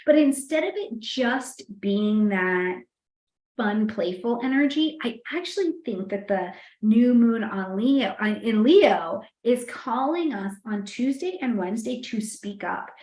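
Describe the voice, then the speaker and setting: A woman's voice: fairly high pitch, a little slow. Chatty, echoey astrologer woman. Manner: chatty, animated, peppered with "you know" and "right?". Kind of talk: casual weekly horoscope talk. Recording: echoey room.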